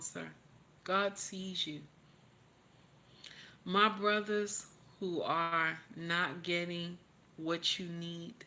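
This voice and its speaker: Slow, bright-voiced woman preaching encouragement. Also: fairly low pitch, a little hiss or hum. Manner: preachy, repeats encouragements over and over. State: tearful. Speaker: livestream host. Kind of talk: emotional motivational livestream talk.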